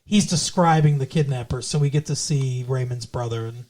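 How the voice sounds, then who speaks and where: A man co-hosting a movie podcast, casually retelling scenes, swearing freely and slipping into quick impressions. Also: mid-range voice, darkish tone. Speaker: podcast co-host. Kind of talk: casual movie review chat.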